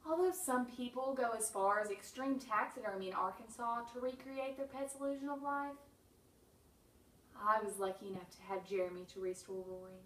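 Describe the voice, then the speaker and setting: A woman reading her own humorous memoir with wry, deadpan comic timing and sudden bursts. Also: fairly high pitch, moderate pace, reverberant, recorded from a distance, a little hiss or hum, low-quality recording.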